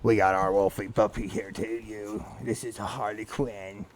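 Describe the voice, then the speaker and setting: A man's voice: on the low side, steady tone, normal speed. A man ranting crudely and taunting as a vlogger, with bursts of cackling laughter. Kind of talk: profane ranting vlog. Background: background music.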